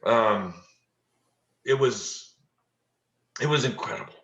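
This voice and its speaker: A middle-aged man with a lowish voice tells a heartfelt story in a halting way, often repeating words as he goes, tender and moved throughout. The sound is dull and lo-fi, with a roomy echo around him, as if he is on a video call. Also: gravelly, fairly bright tone. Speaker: touch therapy practitioner and teacher. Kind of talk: emotional storytelling interview.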